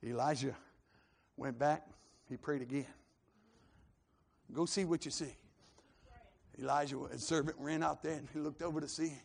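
A man's voice: on the high side, steady tone, normal speed, gravelly, long pauses, husky. A man preaching a live sermon, calling for responses from the congregation, with a scratchy throat. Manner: builds to fervent shouting, calls for responses.

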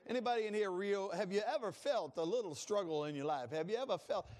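A man preaching a sermon as pastor, lively and conversational, laughing and calling on the congregation to respond. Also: high voice, fast talker.

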